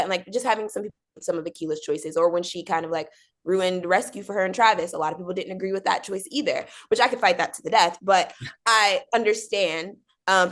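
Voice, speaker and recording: Young woman, casual interview, bubbly and chatty, slightly low voice. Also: a bit bright. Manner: bubbly, chatty, full of fillers and acted-out quotes. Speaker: actor being interviewed.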